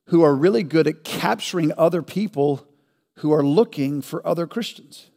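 A man preaching a sermon as pastor, asking rhetorical questions and building to loud, emphatic peaks. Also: a little high, moderate pace, long reverb tail.

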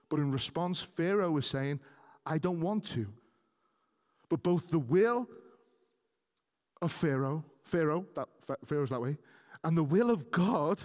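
A man's voice: a little high, darkish tone, big-room sound. A man preaching a sermon earnestly, speaking directly to his congregation and rising to emphatic peaks.

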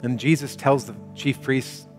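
A man preaching a sermon as pastor, talking in a conversational, animated way. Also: medium pitch, unhurried. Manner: conversational, animated, shifts into quoted voices. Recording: long hall reverb, faint music.

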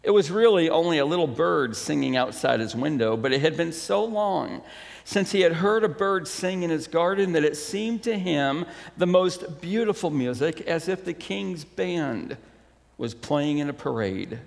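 A man preaching a sermon as a pastor, then reading a story aloud with expressive, unhurried storytelling. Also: vocal fry, long reverb tail. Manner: unhurried, expressive storytelling with wide pitch swings.

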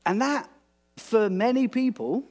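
A man preaching a sermon in a relaxed, conversational way, animated and prone to restarts. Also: extremely high pitch, measured pace.

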